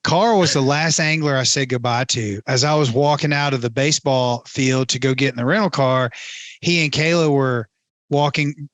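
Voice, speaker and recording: A man's voice: medium pitch, fairly bright tone, no echo. A man who is a regular guest on a podcast, chatting casually and telling stories with enthusiasm. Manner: enthusiastic storyteller, quick laughs. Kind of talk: casual chat, storytelling.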